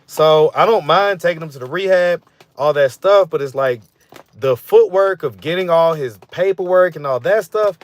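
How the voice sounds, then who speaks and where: A man's voice: a little high, moderate pace. A man hosting a live stream, chatting casually and reading out viewer comments in a loose, rambling way. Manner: loose and rambling, full of fillers like "you know what I'm saying". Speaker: host of a street interview channel.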